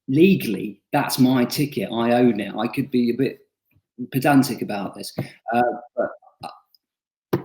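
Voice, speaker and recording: A man's voice: fairly low pitch, a little mellow. A young man, an author, telling self-deprecating stories in a casual chatty interview, with frequent fillers and restarts. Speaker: author interviewed about his book. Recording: roomy echo.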